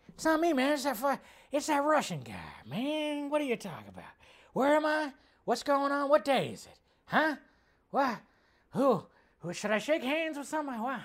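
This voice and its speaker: Excitable, profane young man hosting. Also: on the high side, clear, resonant tone. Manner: excitable, profane, riffing with put-on bits. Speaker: host. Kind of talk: casual live show chat.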